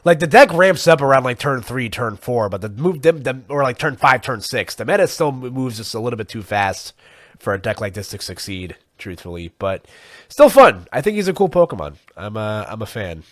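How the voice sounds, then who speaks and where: Male podcast co-host, mid-pitched, loose and rambling with fillers, dry close-miked sound. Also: very animated, fairly quick, no room sound. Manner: rambling, full of fillers, chuckles often. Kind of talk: casual chat.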